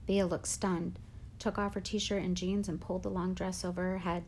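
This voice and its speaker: A woman reading a first-person novel aloud with measured, expressive storytelling. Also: lowish voice, a little hiss or hum. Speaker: audiobook narrator.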